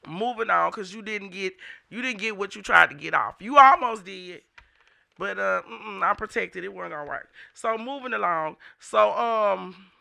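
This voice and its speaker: St guy ranting on his show, real sharp bright voice, cussing a lot, heated. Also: high voice, gravelly. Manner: heated, profane, blunt. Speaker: show host. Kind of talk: unscripted ranting monologue.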